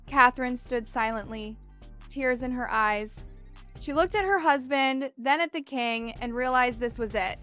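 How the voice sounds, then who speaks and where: A woman narrates a dramatic story in a measured, scripted way. Her voice is high, bright and smooth, with faint music playing behind.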